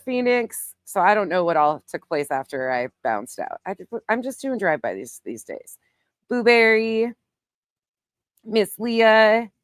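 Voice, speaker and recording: A woman hosts a casual livestream, reading viewer names in quick bursts and answering her chat with casual swearing. Her voice sits at an ordinary middle pitch, and the recording is dry and close, with almost no room sound. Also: sing-song, smooth, no room sound. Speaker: livestream host. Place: home, with planes passing overhead.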